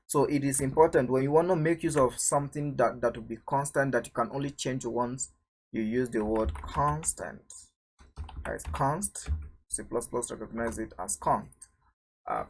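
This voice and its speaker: Male programming tutor, husky mid-range voice, talks while typing, keeps quizzing the viewer with rhetorical questions. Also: medium pitch. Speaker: programming teacher. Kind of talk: screen-recorded coding tutorial.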